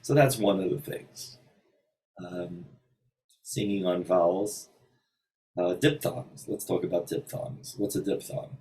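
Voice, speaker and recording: A man with a low voice walks through singing technique at a slow pace. He thinks aloud and pauses often. Now and then he sings a short example to show his point. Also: darkish tone, recorded from a distance, poor audio. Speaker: voice teacher. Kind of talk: informal singing lesson with sung examples. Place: hotel room.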